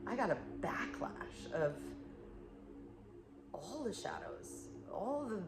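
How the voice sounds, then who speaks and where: A woman spiritual coach speaking in an earnest, searching way, full of "like" and soft laughs, in a reflective monologue. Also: medium pitch, very animated, takes it slowly, over loud music. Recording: echoey room with clear background noise.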